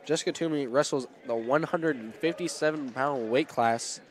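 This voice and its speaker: A man doing live play-by-play commentary at a school wrestling meet, excitable and rambling, often stopping to apologize. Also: medium pitch, normal speed. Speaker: play-by-play announcer. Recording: loud gym crowd noise. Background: cheering crowd and shouting coach.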